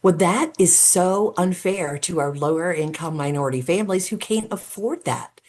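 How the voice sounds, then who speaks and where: A middle-aged woman with a notably low, deep voice talks as an interview guest. She lays out her points earnestly and one at a time, often filling pauses with "um". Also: darkish tone, slight background noise. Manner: earnest and explanatory, with frequent um fillers; talks through steps as if laying out a case. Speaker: guest, road safety advocate. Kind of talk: podcast interview conversation.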